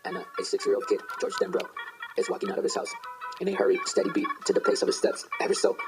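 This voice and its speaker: Fast, rambling man retelling a horror tale. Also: very high voice, huge pitch swings. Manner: rambling, digressive, with many fillers and asides. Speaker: storyteller. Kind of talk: casual retelling of a horror story. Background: guitar music.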